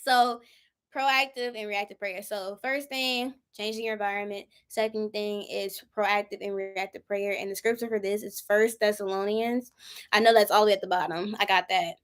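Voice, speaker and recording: A woman's voice: mid-range voice, steady tone, normal speed, fairly bright tone, clear, resonant tone. A woman in her twenties leading a Bible study in a casual, informal way, acting out her own prayers as she talks. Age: 20s.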